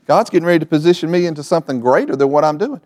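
A man's voice: a little high, expressive, very fast, darkish tone, dry recording, clean studio sound. A middle-aged man preaching a sermon to his church, telling family stories and acting out the voices in them. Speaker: pastor. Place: church sanctuary.

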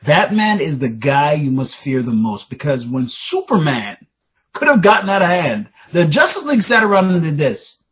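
A man's voice: fairly high pitch, normal speed, husky. A middle-aged man in casual podcast chat, explaining with a fan's enthusiasm. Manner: enthusiastic fan, explaining with rising excitement.

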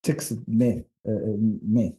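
A man with a South African accent, co-hosting a podcast, telling rambling, animated stories in casual chat. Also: on the low side, measured pace. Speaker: podcast co-host and documentary filmmaker.

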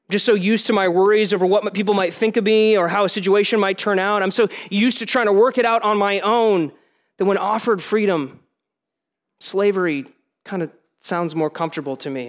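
High-voiced man preaching conversationally. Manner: conversational, plain-spoken preaching with relatable asides. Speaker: pastor. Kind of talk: sermon.

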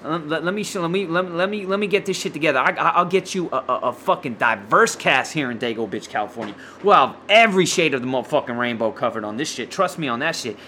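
A man hosting his own podcast, ranting loudly with lots of swearing and slang, stumbling over restarts, short of breath with a sore throat. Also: on the high side, lively intonation, fast, few pauses, slight background noise. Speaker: podcast host. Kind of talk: profane solo podcast rant.

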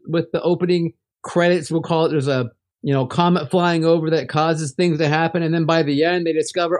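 A male podcast co-host talking through movies in a loose, rambling way. His voice sits a little high, and he laughs often and keeps restarting his sentences. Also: darkish tone. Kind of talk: casual movie-review chat.

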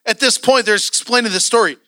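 A high-voiced man preaching with a bright, crisp tone, close and dry on the mic. He tells a story in a lively sermon style and acts out what people said. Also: brisk, dry recording. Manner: animated storytelling with acted-out quotes. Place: church sanctuary.

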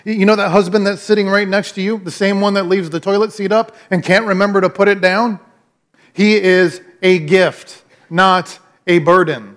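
A man with a notably high-pitched voice delivers a sermon. He speaks in a conversational, emphatic way and comes back to his main phrases again and again. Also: steady tone, moderate pace, fairly bright tone. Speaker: pastor.

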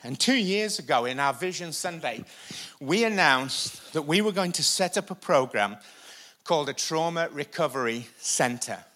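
Lively preaching man with a bright voice. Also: fairly high pitch, normal speed. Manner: energetic, repeats lines for emphasis, uses a helper for a live demonstration. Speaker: pastor. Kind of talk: sermon. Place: church stage before a congregation.

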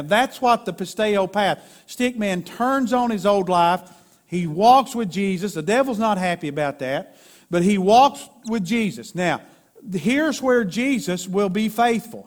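Preacher guy, high voice, folksy sermon, gets loud and emphatic. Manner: folksy preaching with stick-figure drawings, rising to emphatic peaks. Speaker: pastor.

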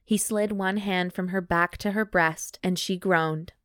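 On a comedy podcast, a woman co-host reads steamy romance prose aloud in mock-dramatic fashion, trading jokes and playful commentary with her co-host amid casual chat. Her fairly low voice is steady and fairly bright at a measured pace, in clean studio sound with no echo.

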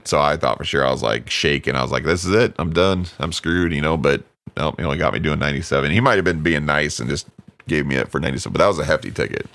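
Man, 40s, extremely low voice, dry sound; animated storyteller for casual chat. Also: racing, creaky, dry recording.

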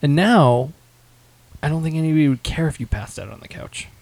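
A man telling a story in casual chat with friends, animated, swearing and acting out what people said. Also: on the high side, fairly quick, gravelly, rough recording. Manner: animated storyteller, swears, acts out quoted lines. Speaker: podcast co-host telling a story.

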